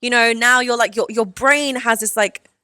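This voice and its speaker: A woman's voice: fairly high pitch, steady tone, normal speed, sharp tone, dry recording. A young woman co-hosting a podcast in casual chat, reacting a lot with interjections and sighs. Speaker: podcast co-host.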